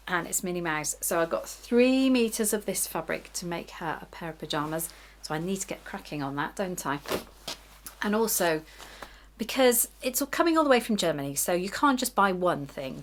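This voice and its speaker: A middle-aged woman chatting casually to camera about her sewing week, chatty and self-deprecating, often giggling. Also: medium pitch. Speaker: sewing vlogger.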